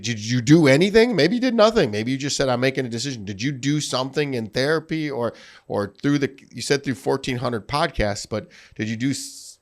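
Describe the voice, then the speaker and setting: A man hosting a podcast, asking long probing questions and reflecting openly on his own struggles. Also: mid-range voice. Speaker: podcast host. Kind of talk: conversational interview.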